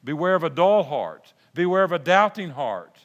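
An older man preaching a sermon, folksy and animated, with restarts and asides. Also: on the high side, moderate pace, muffled recording. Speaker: pastor. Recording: long hall reverb.

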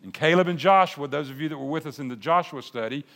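An older man preaching a sermon, folksy and animated, with restarts and asides. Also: a little high, fast talker, vocal fry. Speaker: pastor. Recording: long hall reverb.

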